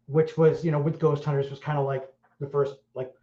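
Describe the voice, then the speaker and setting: A man's voice: on the high side, level tone, a little fast, warm tone. A middle-aged Welsh man hosting a podcast in casual chat, blunt and crude, rambling with many fillers. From Wales. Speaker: podcast host. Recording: roomy, dull lo-fi sound.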